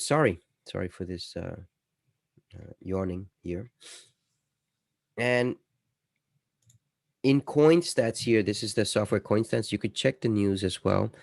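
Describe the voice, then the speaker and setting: A man hosting an investing channel, talking casually over his screen in a chatty way, going from loud emphasis to dropping quiet. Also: on the low side, creaky, no echo, clean studio sound. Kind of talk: casual screen-share commentary.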